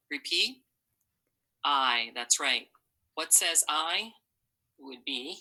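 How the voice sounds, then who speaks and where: A woman's voice: low voice, slow, long pauses, bright, forceful tone, rough recording. A woman teacher giving a patient, step-by-step phonics lesson, modeling sounds for students to repeat.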